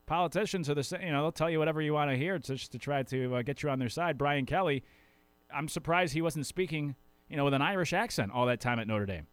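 A man's voice: on the high side, fast, clean tone, no echo. A man hosting a sports talk show in a casual, rambling way, often correcting himself mid-sentence. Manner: chatty, rambling, self-correcting.

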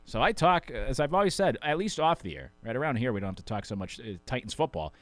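A man hosting a sports radio show talks quickly and casually, rambling a little and poking fun at himself. He is from Connecticut. His voice is dry and close, with no room sound around it. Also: mid-range voice, lively intonation, dry recording. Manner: rambling, self-deprecating, conversational.

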